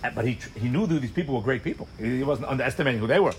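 A man teaching a Torah class to a live audience, telling the story in an animated way, full of rhetorical questions and acted-out asides. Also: medium pitch, racing, slight background noise. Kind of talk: sermon-style Torah class.

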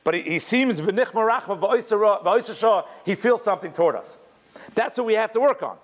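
He leads a Torah class briskly in a high-sitting voice, explaining commentary with lively energy. His speech restarts often and slips between English and Hebrew terms.

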